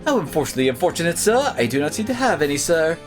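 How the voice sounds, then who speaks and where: A man voicing a nervous, bumbling male henchman in a game, fawning and rattling the lines off quickly. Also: on the high side, sing-song, soft background music, pitched above the performer's own voice.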